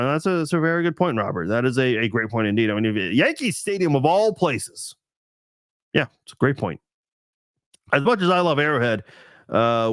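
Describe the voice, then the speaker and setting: A man's voice: mid-range voice, clean tone, no echo. A man hosting a casual live stream chat, thinking aloud with lots of restarts and fillers.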